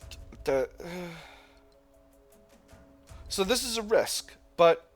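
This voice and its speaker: A man's voice: high voice, sing-song, very slow, faint music behind. A man hosting a gameplay video, reading the game text and thinking aloud with hesitant restarts. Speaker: gaming channel host. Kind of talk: let's play narration and reading aloud.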